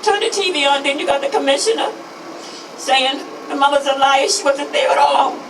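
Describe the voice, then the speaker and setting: Traffic hums behind an echoey, far-off recording of a grieving mother in her fifties speaking at an outdoor rally at normal speed. Her high-pitched voice pushes emphatically, returning to slogans and climbing into shouts.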